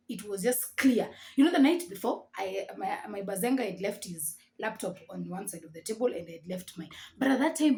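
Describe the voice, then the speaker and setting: Lively Kenyan woman telling a story. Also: a little high. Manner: animated, acts out the dialogue. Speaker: vlogger. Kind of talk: storytelling to camera.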